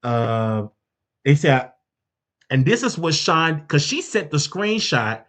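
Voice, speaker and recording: Woman host, gossip commentary, lively swinging pitch, bright tone. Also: slow pace. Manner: animated, chatty storytelling with frequent restarts.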